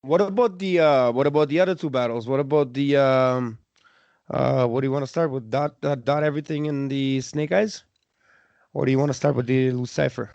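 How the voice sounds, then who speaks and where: A man's voice: mid-range voice, fairly even intonation, creaky, darkish tone, dry recording, highs cut off. A man co-hosting a casual podcast chat, losing his voice and often stumbling over restarts. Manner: repeats himself, halting restarts. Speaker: podcast co-host.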